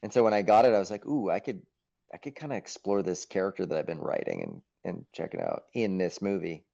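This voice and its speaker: A man being interviewed as an actor, telling stories in a lively, casual way, acting out his own thoughts and swearing now and then. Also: low-pitched, quick pace, gravelly. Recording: muffled, dull sound.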